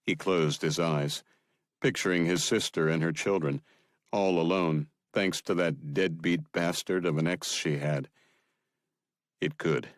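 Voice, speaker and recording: A man narrating an audiobook in a steady, measured manner. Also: low-pitched, no room sound, clean studio sound.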